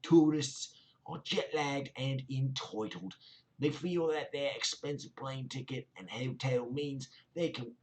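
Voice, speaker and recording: A man's voice: medium pitch, pitched above the performer's own voice. A man voicing an angry, foul-mouthed English male commenter in a put-on South London accent, ranting and sneering.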